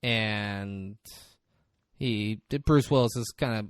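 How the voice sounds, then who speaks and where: A man's voice: fairly low pitch, slow pace, clean tone, no room sound, clean studio sound. A man co-hosting a podcast, casually retelling a film scene and acting out the characters' lines. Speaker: podcast co-host. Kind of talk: casual movie recap chat.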